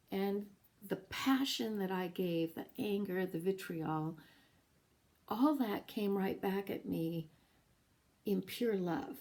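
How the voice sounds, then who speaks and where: A woman's voice: medium pitch, mellow. Earnest middle-aged woman telling her story. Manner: earnest, emotional, with halting pauses. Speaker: podcast host sharing her story. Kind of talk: personal storytelling.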